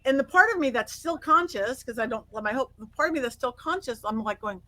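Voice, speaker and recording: A middle-aged woman guest on an interview, telling stories in an animated way, acting out quotes and laughing often. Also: on the high side, brisk, low-quality recording. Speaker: guest psychic medium. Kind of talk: casual interview storytelling.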